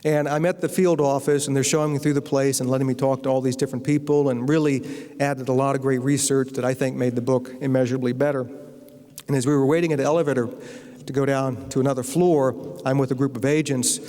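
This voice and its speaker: A man's voice: mid-range voice, level tone, quick pace, dark tone. Wry storytelling man in a reverberant hall. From Virginia, USA. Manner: wry storyteller, acts out quoted voices. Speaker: novelist giving a guest lecture. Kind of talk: humorous anecdotal lecture. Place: university lecture hall. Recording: long lecture-hall reverb.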